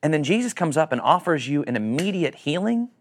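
Animated preaching man, higher voice. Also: fairly quick. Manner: animated, acts out quoted voices, asks the congregation questions. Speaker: pastor. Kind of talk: sermon.

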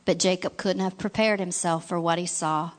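A woman reads a storybook aloud in a gentle, expressive voice, occasionally asking the listener questions. Her voice is on the low side and her pace is moderate.

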